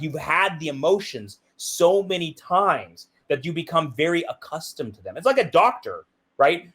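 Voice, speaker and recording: Middle-aged male interview guest, slightly high voice, intense and emphatic delivery. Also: a bit bright. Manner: intense, emphatic, uses "right?" and "like" often. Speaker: interview guest, BASE jumper. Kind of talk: reflective interview talk.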